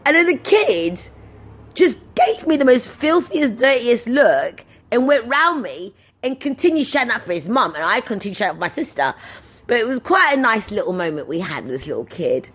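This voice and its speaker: Animated woman telling stories. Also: a little high, moderate pace, husky. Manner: animated, acts out voices in her anecdotes. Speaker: podcast host. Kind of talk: casual storytelling monologue.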